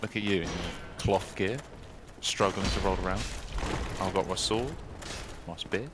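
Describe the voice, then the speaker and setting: Low-voiced man teasing in game chat. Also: fairly even intonation, normal speed, music in the background. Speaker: co-op player. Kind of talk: casual co-op gaming chat.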